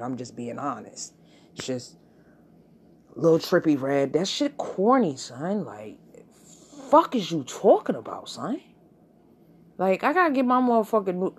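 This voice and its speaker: A woman hosting her own podcast, delivering a blunt, profane, animated solo rant. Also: very deep voice, breathy edge. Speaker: podcast host.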